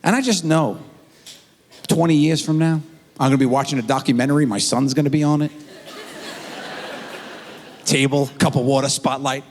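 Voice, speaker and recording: A middle-aged man performs stand-up at normal speed in a medium-pitched voice, leaving long pauses. He tells animated stories and voices impressions of his kids. The theater recording carries a long hall reverb.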